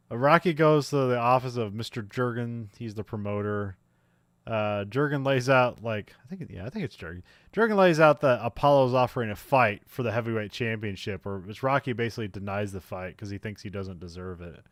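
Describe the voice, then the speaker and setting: A man's voice: medium pitch, moderate pace, dry recording, clean studio sound. Laughing man recapping a movie. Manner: laughs often, recaps scenes with fillers. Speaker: podcast co-host. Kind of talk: casual movie discussion.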